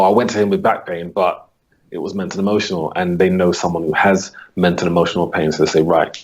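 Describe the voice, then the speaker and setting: This man's voice is low with a breathy edge. Interviewed about being a holistic coach, he walks through his method in brisk, patient conversation and plays out his exchanges with clients.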